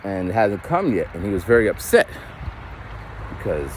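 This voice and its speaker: A man's voice: fairly low pitch, very animated, normal speed, slight background noise. Rambling man in his forties on a walk. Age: 40s. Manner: rambling, loose, swears casually. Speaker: vlogger. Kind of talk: casual walking monologue.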